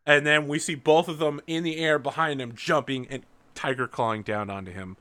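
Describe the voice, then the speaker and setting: A man narrating a tabletop role-playing game as game master, animated and profane, full of fillers. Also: fairly high pitch, brisk.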